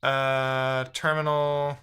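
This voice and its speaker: A man's voice: mid-range voice, flat delivery, extremely slow, pushed and bright, clean tone. A man live-streaming while he codes, reading chat aloud and muttering his frustration to himself.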